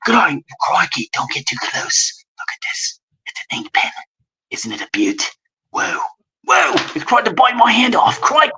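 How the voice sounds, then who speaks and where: A man imitating an excitable wildlife showman with a mock Australian accent and breathless exclamations. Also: very high voice, moderate pace, breathy edge, voice pushed up, exaggerated voice. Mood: excited.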